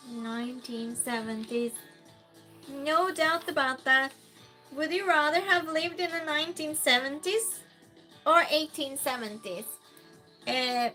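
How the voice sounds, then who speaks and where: A woman with a Swedish accent, casually chatting with her stream and reading viewer comments aloud. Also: high-pitched. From Sweden. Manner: relaxed, reads chat aloud, soft giggles.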